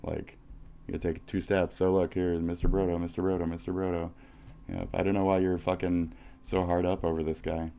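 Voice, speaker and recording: A man's voice: deep voice, little pitch movement, fairly quick, gravelly, warm tone, clean tone. A man from the United States, livestreaming, who rants profanely at someone, taunting and repeating his insults. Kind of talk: profane reaction rant.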